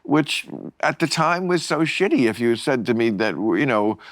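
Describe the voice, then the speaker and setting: Wisecracking man with a lively voice. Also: mid-range voice, moderate pace, no room sound, studio quality. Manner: profane, wisecracking. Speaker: podcast host. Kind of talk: casual chat.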